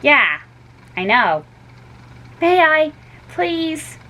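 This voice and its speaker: Emmy: woman voicing a whiny storybook girl, high and pleading. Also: sing-song, very slow, bright, forceful tone, full character voice.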